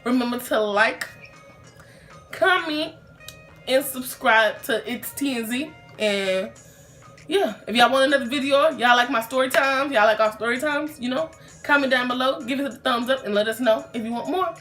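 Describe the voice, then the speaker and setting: A woman's voice: high-pitched, moderate pace, fairly bright tone, faint music behind. A young woman telling a casual storytime vlog in a chatty, rambling way, full of fillers and restarts.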